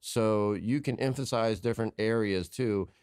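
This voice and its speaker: A man's voice: on the low side, normal speed, a little mellow, clean tone, no room sound, studio quality. A man hosting a casual podcast chat about sales, plainspoken and coaching, driving home his key points.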